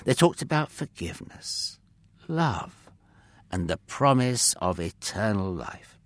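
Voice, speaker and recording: A man narrating a children's Bible story in an expressive way, sometimes speaking to the listener directly. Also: lowish voice, slow pace, no room sound. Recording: dry close mic with faint music.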